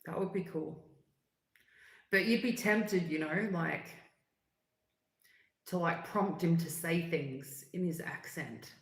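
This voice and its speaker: A woman, chatting in a rambling, relaxed way on a livestream, full of fillers and asides. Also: on the low side, slow, pauses often. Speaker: livestream host. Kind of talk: casual livestream chat. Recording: echoey room.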